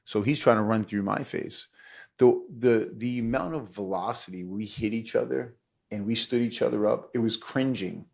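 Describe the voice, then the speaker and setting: This middle-aged man has a gravelly, lowish voice and speaks at normal speed as he hosts a podcast. His casual storytelling is animated, with quotes acted out and plenty of laughter.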